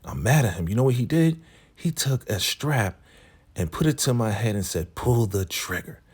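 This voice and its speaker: A man's voice: medium pitch, animated, normal speed, a little mellow, slightly rough, voice pushed up. A man voicing a weary, bitter man venting his anger. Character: fed-up man venting about his abuser.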